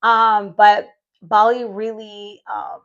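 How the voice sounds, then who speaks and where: Slow and fairly flat in pitch, this woman's mid-range voice is clear, resonant and fairly bright, despite lo-fi sound. She's an American vlogger and retreat host in her thirties, narrating her own story in a casual vlog with a chatty, heartfelt tone and occasionally quoting her past self.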